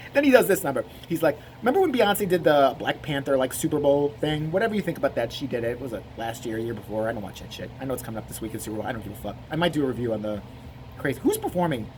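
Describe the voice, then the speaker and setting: A man's voice: mid-range voice, a little hiss or hum. Rambling profane male commentator. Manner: rambling, profane, laughing asides. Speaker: video commentator.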